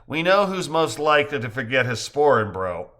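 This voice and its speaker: A man's voice: mid-range voice, big pitch swings, normal speed, bright, forceful tone. A man playing a wisecracking young man with a dry, ribbing tone in a storybook reading.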